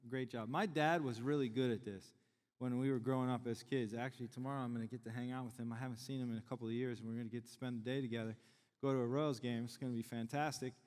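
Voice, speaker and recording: Deep-voiced pastor in a big hall. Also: male voice, fairly even intonation, fast, darkish tone. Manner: conversational, joking with the congregation. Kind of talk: sermon. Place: large church sanctuary. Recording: long church hall reverb.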